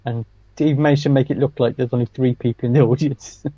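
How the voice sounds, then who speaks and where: A man's voice: mid-range voice, fairly even intonation, quick pace, mellow, no room sound, lo-fi sound. A man co-hosting a podcast, chatting casually and telling anecdotes with frequent laughs. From England. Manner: anecdotal storyteller, laughs often. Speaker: podcast co-host, stand-up comedian. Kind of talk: casual chat.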